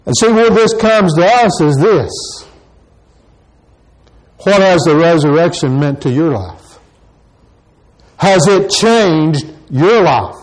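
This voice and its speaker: Rich: A man preaching from the pulpit, his voice sitting a little above the usual for a man. He takes his time, unhurried and measured, and keeps driving home the same questions to his listeners. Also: a little high, expressive, poor audio. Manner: repeats rhetorical questions to the congregation. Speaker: pastor. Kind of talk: sermon.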